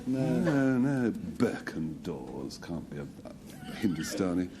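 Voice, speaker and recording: A man's voice: sits low, sing-song, unhurried, a crowd in the background. Playful male team captain, mock-earnest, voice swooping all over the place, faint studio audience behind. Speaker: team captain on a panel game. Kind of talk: jokey panel banter.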